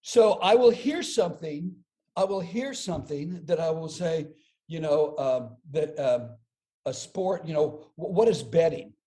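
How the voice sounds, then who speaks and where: A comedian guest on a podcast interview tells stories with lots of energy, an animated storyteller who often repeats words as he builds up a joke. His voice is a little high and unhurried.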